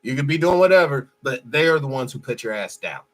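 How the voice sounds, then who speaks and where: A man's voice: medium pitch, expressive, fast talker, a bit bright. A man hosting a show, giving blunt, profane and mocking commentary over a played clip. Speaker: host.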